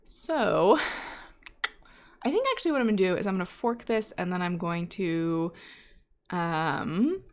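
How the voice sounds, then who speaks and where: A woman with a slightly low voice hosts a live coding stream in a relaxed, chatty way. She thinks aloud as she works, filling gaps with "um" and "uh" and tossing in side remarks. Now and then she reads out comments from viewers. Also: a little slow, pauses often. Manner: chatty, thinking aloud with many fillers and asides; reads chat messages aloud. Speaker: data scientist live-coding host.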